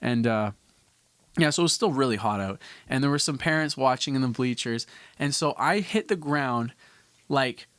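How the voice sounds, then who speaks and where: A man's voice: mid-range voice, animated, moderate pace, fairly bright tone, smooth, no room sound. Young man rambling through a story. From Canada. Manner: rambling, frequent restarts and casual swearing. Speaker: podcast host. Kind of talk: casual storytelling.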